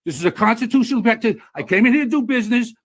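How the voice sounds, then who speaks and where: Loud combative man, high lively voice. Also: rapid-fire. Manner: loud, combative, talks over others, lots of repetition. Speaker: plumber filming a confrontation at a post office. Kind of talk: heated argument while filming. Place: indoors at a post office counter.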